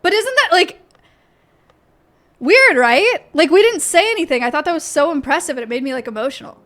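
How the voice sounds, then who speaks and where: Faint music plays behind a young woman who chats with her stream from her home office. Her high, slightly bright voice moves briskly with lively intonation, and her talk meanders with fillers and restarts.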